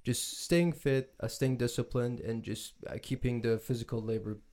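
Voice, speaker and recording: A man hosting a podcast, summing up his guest's point in a halting way. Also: medium pitch, mellow. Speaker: podcast host. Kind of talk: casual chat.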